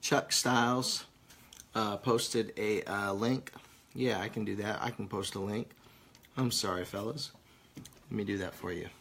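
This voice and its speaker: A man's voice: fairly low pitch, fairly even intonation, unhurried, long pauses, a bit bright. A stoned man reading viewer comments on a casual live stream, crude, joking and rambling. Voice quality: gravelly.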